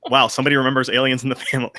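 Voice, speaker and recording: A man playing a comedy game show, giving playful joking answers with quick asides. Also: medium pitch, level tone, sharp tone.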